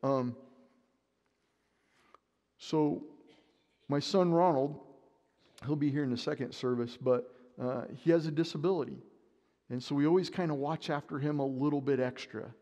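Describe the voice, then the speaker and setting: A man delivers a sermon in a church, and his slightly high voice carries a long reverb tail. He tells stories with animation, acting out his own worry as he goes. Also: normal speed, long pauses. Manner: storytelling, animated, acts out his own panic. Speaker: preacher. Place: church sanctuary.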